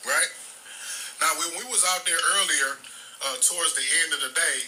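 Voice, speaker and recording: A man hosting a live stream in a loose, streetwise way, rambling through restarts and swearing freely. His voice has a very bright, forward edge. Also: on the high side, normal speed, a little hiss or hum, low-quality recording. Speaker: livestream host. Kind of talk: casual live-stream talk.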